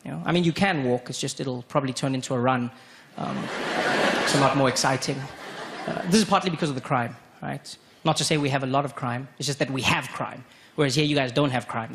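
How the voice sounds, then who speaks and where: A man from Africa, performing an animated stand-up comedy set on a club stage. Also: creaky. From South Africa. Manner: animated, with sudden high-pitched jumps for emphasis. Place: comedy club stage before a live audience. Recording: noisy live club recording.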